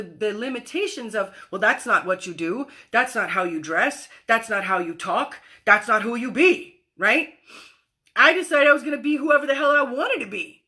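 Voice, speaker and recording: A woman's voice: sits high, bright, forceful tone. A woman giving a motivational spiritual talk on a livestream. She speaks expressively, with emphatic repetition, and acts out quoted voices. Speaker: spiritual coach.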